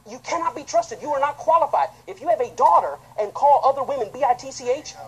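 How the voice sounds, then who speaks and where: A man's voice: animated, fast talker, low-quality recording. Impassioned man preaching a sermon. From United States. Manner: impassioned, swinging between loud outbursts and quiet, low asides. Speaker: pastor.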